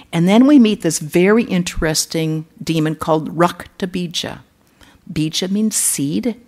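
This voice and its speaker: Low-voiced woman telling a sacred story. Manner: conversational storytelling with humorous asides. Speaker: Vedanta nun giving a temple talk. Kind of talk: sermon. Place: temple.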